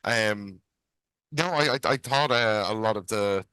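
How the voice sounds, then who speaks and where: Podcast co-host, man, lowish bright voice, dry close sound, opinionated and keen. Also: a little slow, clean tone, dry recording. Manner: opinionated, enthusiastic film talk. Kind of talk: casual chat.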